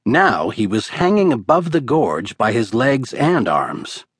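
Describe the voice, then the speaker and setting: With a breathy edge to his mid-range voice, a man reads scripted audiobook narration steadily and in measured fashion. The sound is dry, studio-quality recording.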